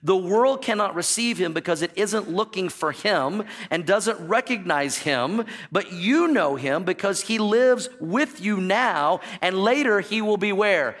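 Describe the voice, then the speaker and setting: A pastor preaching a sermon in a church, animated and joking, and calling out to the congregation for answers. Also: male voice, sits high, unhurried, hardly any pauses. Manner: jokey storytelling asides. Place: church sanctuary.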